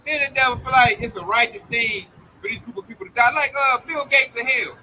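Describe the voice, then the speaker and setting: A man's voice: very high-pitched, a little fast, pushed and bright, a little hiss or hum, low-quality recording. A man preaching an informal street-style sermon in a blunt, slangy, mocking way, often acting out other people's voices.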